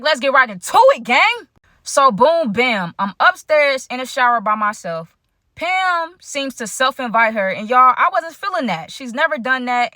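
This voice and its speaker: Bright, chatty woman telling a story. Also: a little high, no room sound, studio quality. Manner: chatty, addresses viewers directly; slangy, frequent fillers. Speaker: storytime vlogger. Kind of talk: casual storytime vlog.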